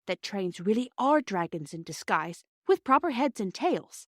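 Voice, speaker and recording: A woman voicing a dreamy, imaginative little girl who speaks in a high, fanciful way. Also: very animated, moderate pace, a bit bright, no room sound, studio quality. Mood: hushed.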